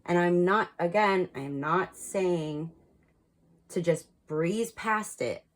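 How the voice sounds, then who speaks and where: A woman's voice: on the low side, slow. A woman giving a casual spiritual card reading, talking frankly and chattily and laughing at her own slips. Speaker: tarot card reader.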